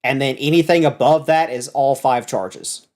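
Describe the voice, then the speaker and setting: A man's voice: mid-range voice, fairly even intonation, normal speed, a little mellow. A man running a tabletop game as dungeon master, explaining item rules at length and correcting himself as he goes.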